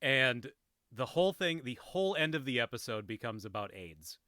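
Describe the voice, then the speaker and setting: A man's voice: mid-range voice, sing-song, moderate pace, bright, forceful tone, no echo, clean studio sound. A man hosting a podcast, casually recapping a TV episode in a rambling, amused way, full of fillers and restarts. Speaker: podcast host.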